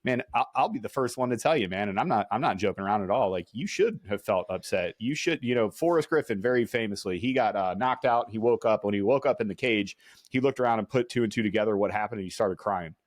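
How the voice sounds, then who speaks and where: Fast-talking earnest male podcast host. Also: fairly low pitch, no echo, studio quality. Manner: earnest, emphatic, encouraging. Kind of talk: casual chat.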